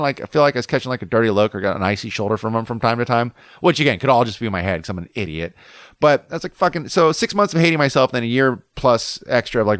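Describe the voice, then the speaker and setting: A man's voice: fairly low pitch, a bit bright, no room sound, studio quality. A man hosting a podcast, telling a story casually in a rambling, self-mocking way full of swearing and fillers. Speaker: podcast host.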